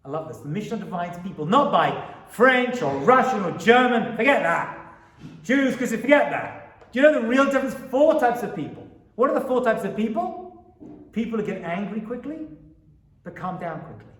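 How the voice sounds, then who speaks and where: A man, a rabbi, giving an animated Torah lecture to a live audience, often asking them questions. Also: sits high, moderate pace, roomy sound, distant mic.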